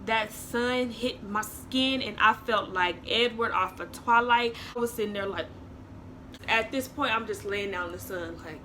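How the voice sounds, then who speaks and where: A woman's voice: on the high side, a little slow, noisy background. A woman vlogger dramatically retelling a story to her viewers in a casual storytime vlog. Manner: animated, dramatic retelling, talks to viewers as y'all.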